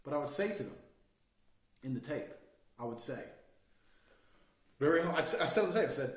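A man's voice: fairly high pitch, animated, brisk, pauses often. Blunt cursing guy in his 30s giving a pep-talk lesson, voice swings all over, kinda far from the mic. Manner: blunt, brash and forceful, swearing freely. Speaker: course instructor. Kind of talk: profane motivational lecture. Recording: roomy sound, mic at a distance.

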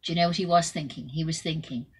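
A woman telling a Bible story to children in an expressive way, shifting between loud and soft. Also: deep voice, fast talker, breathy edge, low-quality recording.

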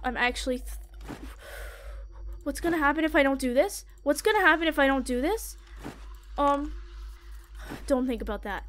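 A woman's voice: high-pitched, slight background noise. A young woman playing a horror game on her channel, talking to herself in a jittery, panicky way. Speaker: gaming YouTuber. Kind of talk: horror game let's play commentary.

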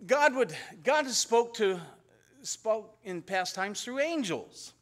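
A pastor telling Bible stories in a conversational sermon and acting out the dialogue. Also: male voice, sits high, expressive, takes it slowly. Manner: conversational storytelling, acts out biblical dialogue. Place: church.

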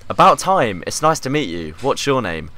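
A man's voice: mid-range voice, big pitch swings, moderate pace, pushed and bright. A man reading as a friendly student. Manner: plain reading of game text. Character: friendly male fellow student.

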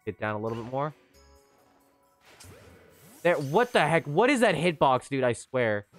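A man giving chatty, excitable live commentary on a game he is playing, with sudden high squeals. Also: unhurried, soft background music. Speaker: streamer.

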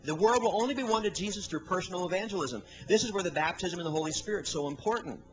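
Middle-aged male preacher, high-pitched, energetic storyteller at a church service. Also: quick pace, slight background noise, rough recording. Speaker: guest preacher. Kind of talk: sermon.

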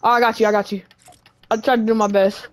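A woman hosting a game role-play, talking in an excitable, urgent way. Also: a little high, fast. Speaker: channel host, roleplayer.

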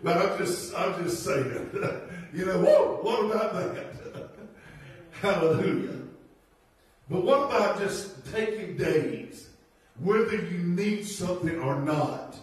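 Folksy pastor in an echoey church. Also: male voice, high-pitched, lively intonation, slow pace, far from the mic. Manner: folksy, laughing asides, rhetorical questions. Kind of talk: sermon. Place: church sanctuary.

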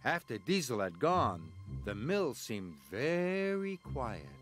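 A man narrating a children's story in an expressive storybook style. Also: medium pitch. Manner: slow, expressive. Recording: music bed underneath. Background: music.

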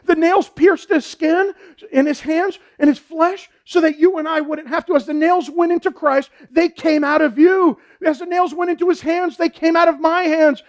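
High-pitched pastor preaching hard, keeps saying man and folks, fervent and repetitive. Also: fairly even intonation, normal speed. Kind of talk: preaching a sermon.

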